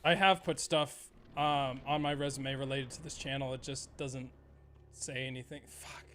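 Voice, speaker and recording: A man's voice: medium pitch, steady tone, normal speed, a bit bright, slight background noise. A young man streaming a game, chatting in a rambling, profane way and laughing often. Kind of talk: casual gameplay chat.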